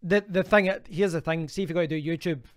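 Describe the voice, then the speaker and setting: A man's voice: fairly high pitch, quick pace, no echo. A Scottish man in his thirties, hosting a casual live stream from home and chatting as he answers viewer comments. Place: home in Spain.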